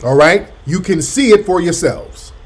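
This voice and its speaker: Radio host guy heckling a clip, sarcastic, combative, kinda high voice. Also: animated, a little slow. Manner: mocking, combative, talks back at the clip. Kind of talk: commentary over a played clip.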